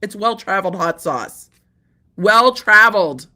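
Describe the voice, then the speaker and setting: Woman, host, casual legal commentary, bright forceful voice, incredulous, animated. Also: mid-range voice, normal speed. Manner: incredulous, animated, repeats herself; swears casually.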